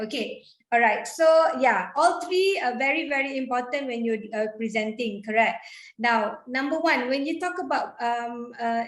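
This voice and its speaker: A woman talks energetically in a high voice, giving speaking tips to a panel. Her voice rings in an echoey room. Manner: energetic, chatty, demonstrates intonation with examples. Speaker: guest speaker on public speaking. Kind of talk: online panel talk.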